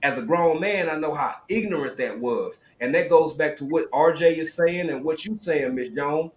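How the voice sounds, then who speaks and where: A man with a Southern US accent, hosting a live stream panel, telling stories in lively slang over a video call. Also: a little high, normal speed, reverberant. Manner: animated, storytelling, drawling slang. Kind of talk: casual panel talk.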